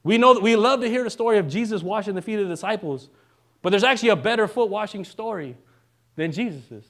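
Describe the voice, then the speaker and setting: A male minister giving a relaxed, conversational sermon, joking now and then and often checking in with the congregation. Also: high voice, fast talker. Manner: casual and joking, keeps asking the congregation "right?".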